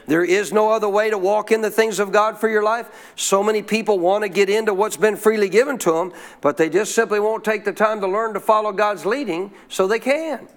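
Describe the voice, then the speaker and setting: A pastor preaches a sermon at a church service in a high-pitched voice, speaking fairly quickly with few pauses. He works in call-and-response, asking questions and leaving blanks for the congregation to fill, and repeats key lines with emphasis.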